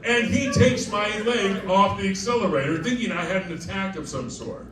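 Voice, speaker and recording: High-voiced man telling a laughing story. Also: moderate pace. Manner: chatty, digressive, often laughing mid-sentence. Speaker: cabaret performer. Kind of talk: live comic storytelling. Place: club stage with diners. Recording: echoey live room, distant mic, crowd noise.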